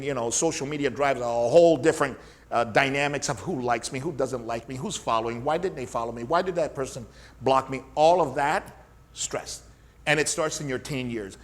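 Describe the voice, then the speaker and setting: A man's voice: on the high side, a bit bright. A middle-aged man, a fitness coach and podcast host, teaching in an emphatic style with repetition and rhetorical questions. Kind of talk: energetic teaching monologue.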